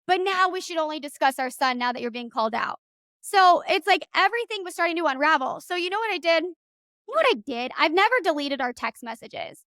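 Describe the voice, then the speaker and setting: A young adult woman hosting a podcast, telling a story in an animated, profane rant and acting out the dialogue. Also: extremely high pitch, a little fast, no echo, studio quality. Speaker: podcast host.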